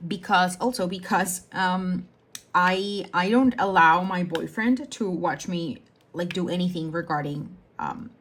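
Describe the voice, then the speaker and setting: A young adult woman with a slightly low voice chats casually while she works on a craft project. She rambles from thought to thought and often stops to correct herself, in the easy tone of a channel host. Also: unhurried. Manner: rambling, self-correcting, chatty. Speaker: diamond painting channel host.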